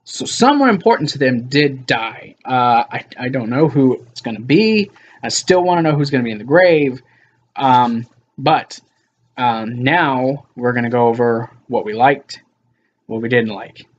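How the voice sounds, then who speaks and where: A man's voice: medium pitch, animated, a little slow, dull audio. Casual man recapping a show. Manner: loose retelling with many fillers and quoted asides. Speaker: co-host recapping a TV episode.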